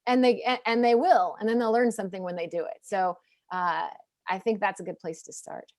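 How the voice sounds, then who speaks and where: A woman in her forties moderating a panel over a video call, chatty and quick to laugh while telling family stories. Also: mid-range voice, steady tone, a little mellow, dry recording, clean studio sound. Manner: chatty, laughs easily, plays out family dialogue. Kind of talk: casual panel talk.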